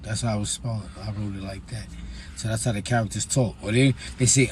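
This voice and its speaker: A man's voice: fairly low pitch, steady tone, a little fast, slight background noise. A man from New York with a New York accent, an author chatting casually on a livestream about his books and reading a passage aloud, blunt and profane, with sudden emphatic bursts.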